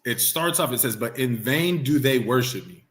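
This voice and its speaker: A man teaching a religious class, questioning his students and coaxing answers out of them. He repeats himself often and reads scripture slowly and deliberately. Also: medium pitch, animated, fairly bright tone.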